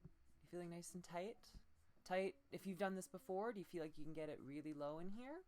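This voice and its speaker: Low-voiced woman coaching voice exercises. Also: fairly quick, dark tone. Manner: subdued, patient instruction broken by demonstrated croaks and pinched tones. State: low energy. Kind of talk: streamed voice-training lesson.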